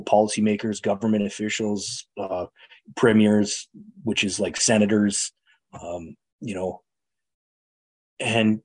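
Middle-aged guy, kinda husky and lowish, telling his story straight and earnest. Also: darkish tone. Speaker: guest speaker sharing recovery story. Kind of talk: personal testimony.

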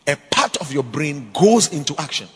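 A man preaching a sermon in church, emphatic, swinging between loud exhortations and quiet asides. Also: a little high, very animated, normal speed, breathy edge, in a large hall.

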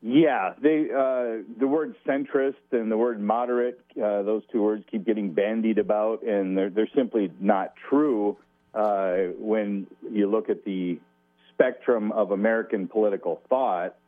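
A law professor speaking as a guest on a radio show, measured with a dry humor. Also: male voice, fairly low pitch, steady tone, no echo, narrow, tinny audio. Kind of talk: radio interview.

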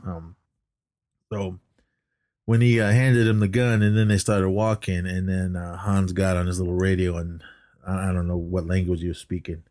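A man's voice: low-pitched, little pitch movement, moderate pace, a little mellow, no room sound, clean studio sound. A man co-hosting a podcast, recapping a movie in a casual, rambling way with lots of fillers and restarts, coughing now and then. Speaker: podcast co-host.

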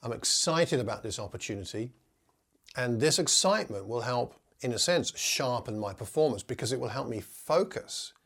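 A man of ordinary pitch teaches would-be preachers in an earnest, encouraging tone. When he reads scripture aloud, his delivery turns slow and measured, with a deliberate weight on each phrase. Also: lively intonation, a bit bright. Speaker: preaching instructor. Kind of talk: teaching talk with scripture reading.

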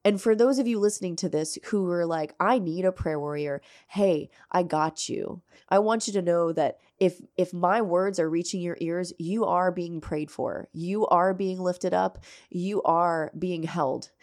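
A woman's voice: lowish voice, steady tone, darkish tone. Tearful, earnest woman podcast host. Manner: earnest, tearful, halting with restarts. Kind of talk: emotional faith podcast monologue.

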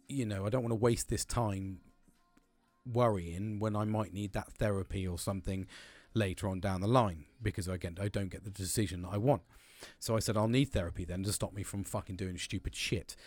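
A man's voice: fairly low pitch, fairly even intonation, moderate pace, a little mellow, no room sound, soft background music. A man talking alone on his podcast in a casual, rambling way, swearing often and restarting his sentences. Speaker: podcast host. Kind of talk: casual personal monologue.

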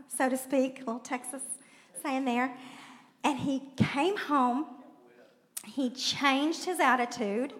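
A woman preaching a sermon in a church, talking in a chatty way with laughing asides and questions to the congregation. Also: high voice. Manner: conversational, laughing asides, audience prompts. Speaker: pastor's wife preaching. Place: church sanctuary. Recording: long hall reverb.

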